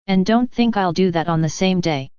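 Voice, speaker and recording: A woman reading the words of Jesus as a tender, grave male divine voice, in a slow, solemn, consoling manner. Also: lowish voice, darkish tone, clear, resonant tone, no echo, natural voice. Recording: slightly dull, dry close recording.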